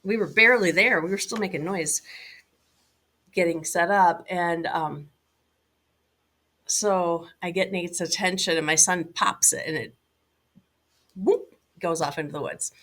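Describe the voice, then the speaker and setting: A middle-aged woman recounting a hunting trip as an interview guest, animated and full of "like"s and fillers. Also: on the low side, a little slow, pauses often. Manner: animated, many fillers and "like"s, laughing now and then. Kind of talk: casual storytelling.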